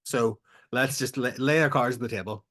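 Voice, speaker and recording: A man co-hosting a film podcast, chatting casually with animated opinions and frequent laughter. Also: medium pitch, moderate pace. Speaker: podcast co-host.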